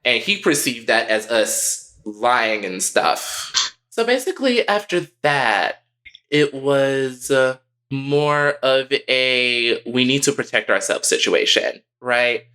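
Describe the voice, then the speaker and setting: A young man co-hosting a podcast, telling a personal story in a candid, profane, animated way. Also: medium pitch, takes it slowly. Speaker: podcast co-host.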